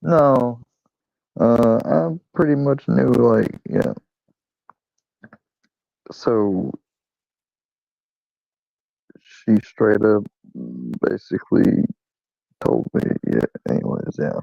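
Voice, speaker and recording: A man's voice: mid-range voice, animated, slow, vocal fry, pauses often, warm tone, no room sound. A man hosting his own channel, telling a rambling, profane, self-deprecating story in casual chat. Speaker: channel host. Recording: dull lo-fi recording.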